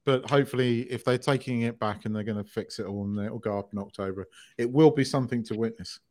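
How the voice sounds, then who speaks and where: A man co-hosting a podcast in casual, rambling chat, excitable and swearing freely between lots of ums. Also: mid-range voice, fast talker. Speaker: podcast co-host.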